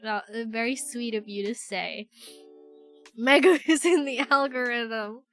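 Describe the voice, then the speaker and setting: Young female streamer from the Philippines, bright forceful voice, rambly and giggly, faint music underneath. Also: a little high, unhurried. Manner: rambling, giggly, filler-heavy, self-mocking. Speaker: VTuber streamer. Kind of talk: casual livestream chat.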